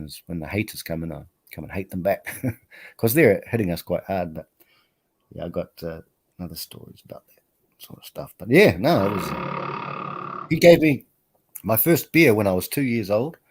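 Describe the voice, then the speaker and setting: A man's voice: deep voice, animated, moderate pace, pauses often, breathy edge. A man hosting a live stream, chatting casually in a rambling, self-deprecating way and laughing often. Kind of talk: casual chat.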